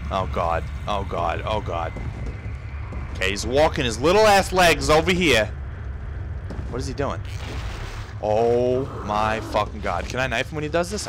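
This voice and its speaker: A young man's medium-pitched, sing-song voice comes at a moderate pace with long pauses and a faint hiss or hum. Playing a video game, he commentates frantically, cursing, yelping and shouting in profane let's-play style.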